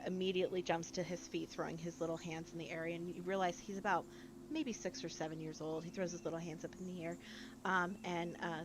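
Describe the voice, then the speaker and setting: A woman's voice: on the low side, background noise. A woman narrating as game master of a tabletop game in a chatty, rambling way.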